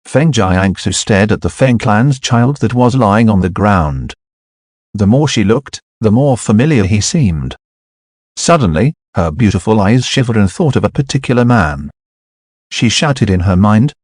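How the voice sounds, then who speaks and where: A man reading a fantasy novel aloud as an audiobook narrator, voicing every character in the same even manner. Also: fairly low pitch, unhurried, no room sound, studio quality.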